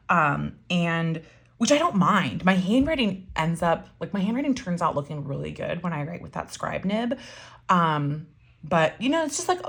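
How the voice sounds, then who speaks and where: A woman's voice: fairly low pitch, slightly rough. A woman chatting casually and enthusiastically while showing and writing with her pens, with many fillers. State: voice getting froggy. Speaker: pen and ink vlogger.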